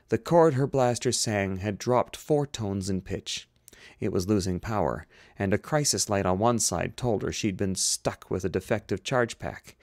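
A man's voice: lowish voice, darkish tone, no room sound, clean studio sound. A man reading a science fiction novel aloud, now and then stopping to reread a slipped line. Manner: reads, stops and rereads slipped lines. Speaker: audiobook reader. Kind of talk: amateur audiobook narration.

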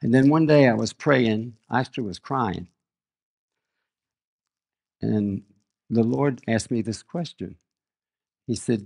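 A man's voice: lowish voice, measured pace, vocal fry, pauses often, darkish tone. An older man preaching a sermon, reading scripture aloud and telling earnest stories about his own family. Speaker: guest preacher. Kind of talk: sermon with personal storytelling.

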